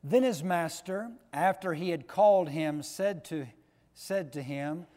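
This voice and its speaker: A man preaching a sermon with slow, emphatic delivery, swinging between loud stressed words and soft low drops. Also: expressive. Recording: long echo of a large hall.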